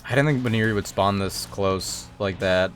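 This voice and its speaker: A man live-streaming a video game, chatting casually with viewers and breaking into high, excited yelps when something happens in the game. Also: moderate pace, faint music behind.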